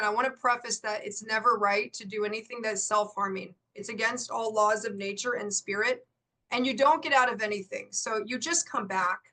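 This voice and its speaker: A middle-aged woman coach, a guest in an interview, telling a story in lively bursts and laughing often. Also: a little high.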